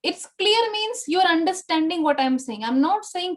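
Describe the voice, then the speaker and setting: A woman's voice: very high voice, big pitch swings, measured pace. A woman teaching a Spanish language class online, explaining patiently and checking in with "okay?" and "right?" after nearly every sentence. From India.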